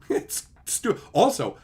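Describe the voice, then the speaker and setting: A man's voice: extremely slow, mellow. A man streamer delivering a heated, profane, sarcastic rant, mocking his opponents in put-on voices. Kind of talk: ranting commentary.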